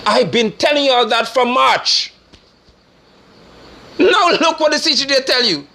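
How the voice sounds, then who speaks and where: A man giving forceful, scornful political commentary in a preaching manner. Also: very high-pitched, expressive, a little slow, creaky. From Guyana. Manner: forceful, scornful, rising to sermon-like declarations.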